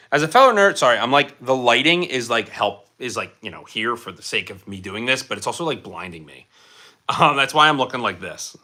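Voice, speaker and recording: A man's voice: medium pitch, bright, forceful tone. A young man hosting a casual livestream, reading out viewer comments and rambling with lots of fillers and restarts. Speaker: livestream host. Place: indoor room under bright lighting.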